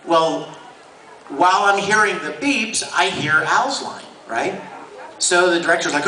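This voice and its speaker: A man's voice: high-pitched, measured pace, bright, forceful tone. A man, a voice actor guest at a convention panel, telling stories to the audience with enthusiasm and frequent laughter. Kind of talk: animated storytelling to an audience. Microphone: handheld camera in the audience. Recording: echoey hall recorded from far off, noisy.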